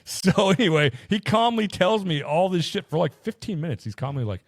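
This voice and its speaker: A man's voice: high-pitched, a little fast, few pauses, no echo. A man co-hosting a podcast, casually telling stories full of swearing and acted-out quotes. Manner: profane, animated storytelling with voiced quotes. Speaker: podcast co-host. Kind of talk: casual chat.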